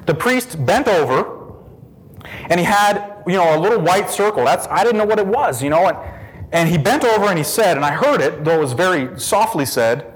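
Lively high-voiced man telling his story. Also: rough recording. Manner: animated, laughs often, says "man" a lot. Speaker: speaker telling a conversion story. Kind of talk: personal testimony storytelling.

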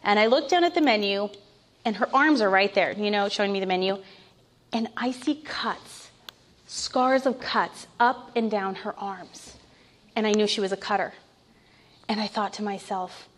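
A woman's voice: mid-range voice, moderate pace, a bit bright, slight background noise. A woman in her thirties giving a heartfelt Christian testimony, telling her story with candid asides and light laughs. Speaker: Christian speaker sharing testimony. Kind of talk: personal testimony talk.

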